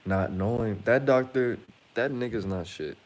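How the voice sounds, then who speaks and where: A man's voice: medium pitch, measured pace. A man hosting his own channel, talking in a blunt, profane, rambling monologue with frequent restarts. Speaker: channel host. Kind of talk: casual monologue to camera.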